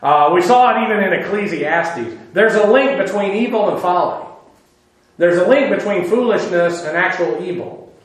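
A man's voice: high-pitched, expressive, normal speed. A man preaching a conversational Bible-teaching sermon, informal, with filler "uh"s and dry sarcastic asides. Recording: very echoey room.

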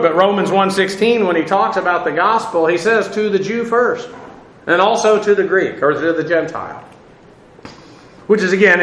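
A man's voice: high voice, sharp tone, reverberant, rough recording. A man teaching a Bible lesson as a sermon, talking in a loose conversational way with fillers and small laughs.

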